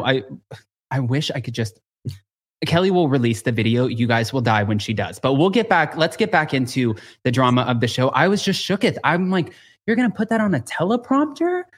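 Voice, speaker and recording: A man hosting a podcast, telling gossip with lively acted-out quotes and lots of filler "like". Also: mid-range voice. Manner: animated storytelling with acted-out quotes; frequent filler "like". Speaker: podcast host. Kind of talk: casual gossip chat.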